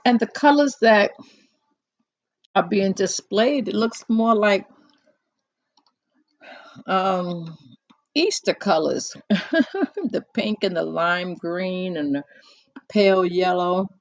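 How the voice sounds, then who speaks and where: Chatting casually into a close microphone, the host of a live call-in talk show sounds unhurried and musing, with many pauses and fillers. The voice is mid-range, and the recording is dry with the highs cut off.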